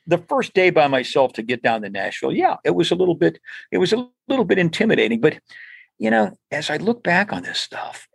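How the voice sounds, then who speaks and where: A man's voice: mid-range voice, vocal fry, no room sound. An older man, an interview guest, telling stories casually and rambling, with many restarts and repeated words. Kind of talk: casual storytelling.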